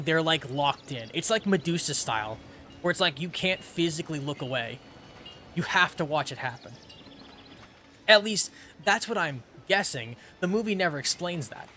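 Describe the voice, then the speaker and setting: A man's voice: a little high, bright, forceful tone, slight background noise. A young man streaming a video game, chatting in a rambling way and reading quest text aloud. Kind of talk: casual let's-play commentary.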